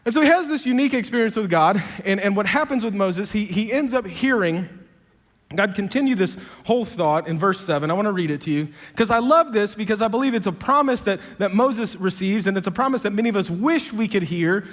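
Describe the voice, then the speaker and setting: A male pastor preaches with lively, humorous storytelling. His voice sits high for a man. The sound carries the long reverb of a large church auditorium. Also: a little fast. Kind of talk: sermon.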